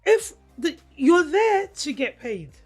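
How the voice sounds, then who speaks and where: A Nigerian-born woman co-hosting a podcast in casual chat, her voice hoarse, laughing often as she tells stories. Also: sits high, takes it slowly, faint music behind. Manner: laughs often, animated storytelling. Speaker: podcast co-host.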